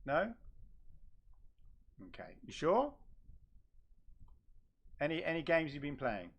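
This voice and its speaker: A man hosting a casual live stream, talking in a teasing, halting way with frequent fillers and repeats. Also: on the high side, huge pitch swings. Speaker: host.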